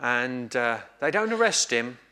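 A man preaching a sermon, telling a story in a measured, reflective way with pauses. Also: medium pitch, big pitch swings, sharp tone.

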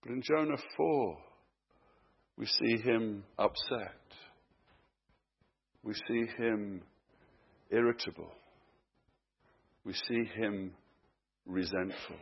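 Man preaching a sermon, husky voice, shifts from hushed emphasis to urgent questions, muffled lo-fi recording. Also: lowish voice, slow, pauses often.

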